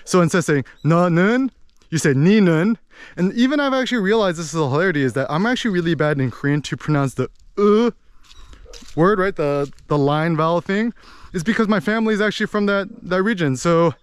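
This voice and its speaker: An American man talking in a rambling, animated way as he vlogs outdoors in a village, with lots of fillers. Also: fairly high pitch, quick pace, clean tone, no room sound. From United States. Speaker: vlogger. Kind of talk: casual walking vlog monologue.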